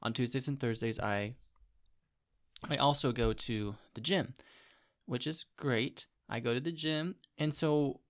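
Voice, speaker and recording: A young man co-hosts a casual podcast, spinning animated stories and slipping into voices when he quotes people. His voice sits in an ordinary middle register. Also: mid-range voice, unhurried. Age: young adult. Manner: animated storytelling, quoting people in put-on voices. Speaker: podcast co-host. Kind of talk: casual chat.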